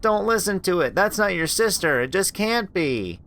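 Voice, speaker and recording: A man voicing a defiant, sharp-tongued young woman in a game, speaking in a raised sarcastic tone. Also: sits high, big pitch swings, normal speed, pitched above the performer's own voice, full character voice. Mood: shocked.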